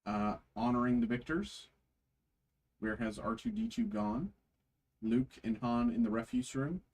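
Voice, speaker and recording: A man hosting a trading card break, reading card names aloud slowly with frequent fillers. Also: medium pitch, a little mellow, rough recording.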